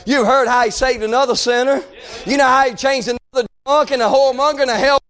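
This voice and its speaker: A man preaching a fiery revival sermon, shouting and chanting in a drawn-out preacher cadence. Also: extremely high pitch, fairly even intonation.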